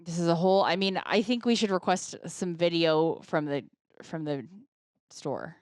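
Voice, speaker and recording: A woman co-hosting a podcast in casual chat, curious and analytical, thinking out loud. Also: lowish voice, normal speed, no room sound, studio quality. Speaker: podcast co-host.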